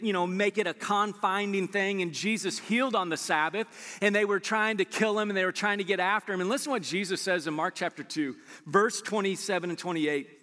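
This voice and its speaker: A man preaching a sermon as pastor, animated and acting out his listeners' replies. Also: high-pitched, long reverb tail.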